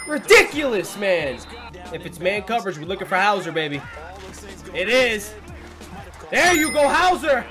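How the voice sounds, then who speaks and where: A young man commentating his football video game play, excitable and frequently swearing and yelling at the players. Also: sits high, moderate pace, pauses often, music in the background. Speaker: gaming commentator.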